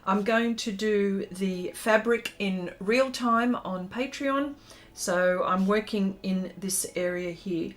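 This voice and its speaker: Aussie lady chatting to her stream while she draws, medium pitch, lots of ums, heartfelt. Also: slow pace, hardly any pauses. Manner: chatty and heartfelt, many ums, reads out chat comments. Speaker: art livestream host. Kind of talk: casual livestream chat while drawing.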